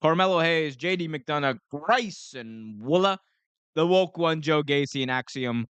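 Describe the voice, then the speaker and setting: Young man, live stream host, energetic and rambling, smooth clear voice, dry close sound. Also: fairly high pitch, measured pace, no room sound. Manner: energetic and rambling, self-correcting.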